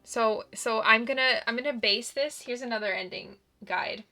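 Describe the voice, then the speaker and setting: Bright-voiced exasperated woman gamer. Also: a little high, normal speed, soft background music. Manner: exasperated, exclaiming often. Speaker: let's play gamer. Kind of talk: visual novel playthrough commentary.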